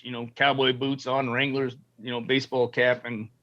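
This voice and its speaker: A middle-aged former Marine tells his stories loosely and profanely, slipping into voices as he quotes people. His voice sits at an ordinary pitch for a man. The recording sounds dull and lo-fi. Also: normal speed. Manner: profane, animated storyteller acting out quotes. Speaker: guest, former Marine and film military advisor. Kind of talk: casual storytelling interview.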